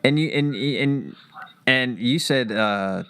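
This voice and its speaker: A man's voice: mid-range voice, slow pace, a bit bright, smooth. A man hosting a boxing podcast, chatting casually, rambling and cursing now and then. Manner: rambling, laughs easily, curses. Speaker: podcast host.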